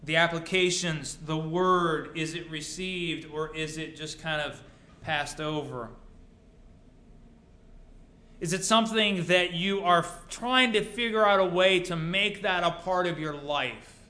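A man's voice: a little high, unhurried, bright, forceful tone. A male pastor preaching a sermon to his congregation, mixing rhetorical questions with dry humor. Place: church sanctuary. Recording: roomy church echo.

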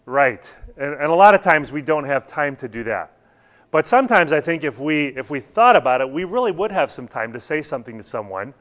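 A man's voice: a little high, sing-song, a little fast, fairly bright tone. A man teaching a church Bible class, talking earnestly and putting questions to his students.

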